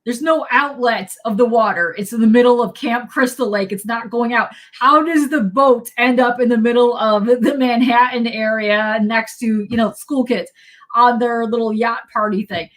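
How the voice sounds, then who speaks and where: A woman hosting a casual live podcast chat, excitable and quick to laugh, reacting to viewer comments. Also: on the high side. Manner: excitable, laughs often, reads chat aloud. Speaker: podcast host.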